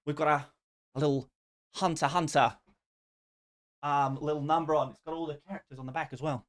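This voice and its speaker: A man's voice: on the high side, steady tone, no room sound. Man hosting a casual live stream, dry sound. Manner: friendly, quick, reads out viewer messages and answers them. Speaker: host answering viewer questions.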